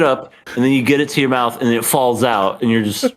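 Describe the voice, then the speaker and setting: A man co-hosting a podcast in casual chat, animated and laughing often as he acts out scenes. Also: mid-range voice, quick pace, slight background noise. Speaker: podcast co-host.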